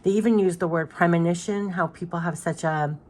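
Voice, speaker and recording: Middle-aged lady doing a chatty card reading, lowish voice, lots of ums and likes. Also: steady tone, a little fast, a little mellow. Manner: chatty, rambling, many fillers and "like". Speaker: spiritual card reader. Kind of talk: casual spiritual reading.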